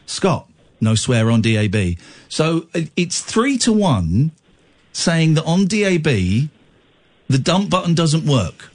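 A man's voice: fairly high pitch, sing-song, takes it slowly, husky. A man hosting a late-night radio phone-in, jokey and rambling, full of restarts. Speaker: radio host. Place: radio studio.

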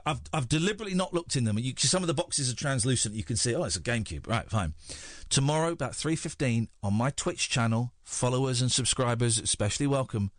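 A man's voice: medium pitch, no room sound, clean studio sound. A man with an English accent hosting a radio show, rambling and self-mocking in casual chat. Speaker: radio host.

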